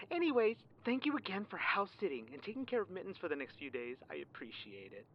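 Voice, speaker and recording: A woman's voice: on the low side, brisk, dull audio. A woman doing a bubbly vacationer. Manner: bubbly, excitable. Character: chatty woman on vacation leaving a voicemail.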